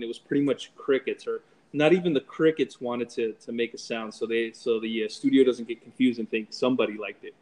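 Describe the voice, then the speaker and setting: A man's voice: medium pitch, a little mellow, rough recording. A man talks through a movie on a podcast in an easygoing, casual way. He often hesitates and repeats words as he gathers his thoughts. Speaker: podcast co-host. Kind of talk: casual movie review chat.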